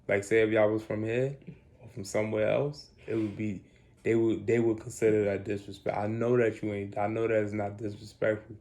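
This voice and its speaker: A man's voice: fairly low pitch, mellow. A man in a casual, argumentative chat, talking in a laid-back slangy way and acting out what he would say. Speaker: host.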